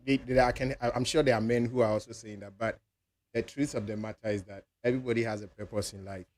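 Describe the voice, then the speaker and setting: A man's voice: medium pitch, steady tone, quick pace, a little mellow. A man with a Ghanaian accent hosting a radio talk show, arguing his point steadily in English and Twi. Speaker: radio host. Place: radio studio.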